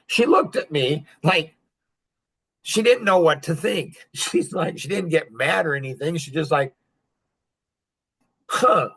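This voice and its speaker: A man's voice: a little high, moderate pace, a bit bright. A man in his fifties telling stories on a podcast in a casual, joking and boastful way, laughing often. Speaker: podcast guest. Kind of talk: casual storytelling.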